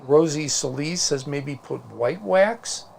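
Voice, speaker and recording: A man's voice: a little high, takes it slowly, vocal fry, darkish tone, slight background noise. A man with a Midwestern accent co-hosting a casual crafting livestream, chatting and reading out viewer comments. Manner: chatty, storytelling, reads out comments.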